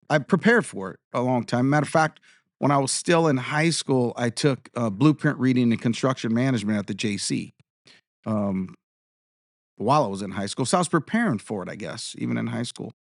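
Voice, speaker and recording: A man in his fifties chats casually as an interview guest, winding through anecdotes and acting out quoted exchanges. His voice sits at an ordinary middle pitch. The sound is close and dry, with no room echo. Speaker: interview guest, tribal chairman and contractor.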